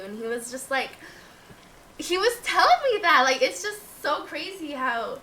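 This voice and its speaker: A woman talks defensively about her side of things, with "like" in nearly every phrase. Her voice is bright and fairly high. A faint hum of room ambience sits behind her. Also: expressive, moderate pace. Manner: defensive, filler-heavy, says "like" constantly. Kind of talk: explaining herself on video.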